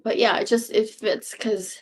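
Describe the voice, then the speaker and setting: A woman in her sixties chats at an unhurried pace, goofy and self-mocking, with plenty of swearing. Her voice sits a little high, and she slips into whispers and back out again as she goes. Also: steady tone. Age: 60s. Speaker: vlogger. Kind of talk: rambling casual chat. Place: home room.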